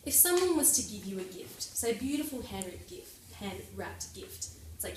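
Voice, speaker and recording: A young woman giving a prepared club speech with lively, personal, lightly humorous delivery. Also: medium pitch, moderate pace, slight background noise. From Australia. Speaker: club speaker. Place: meeting room. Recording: echoey room from far off.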